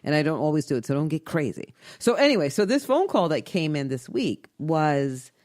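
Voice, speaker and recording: A woman hosting a casual podcast chat, telling stories in an animated way, often repeating herself and laughing. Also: low-pitched, brisk. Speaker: podcast host and inventor.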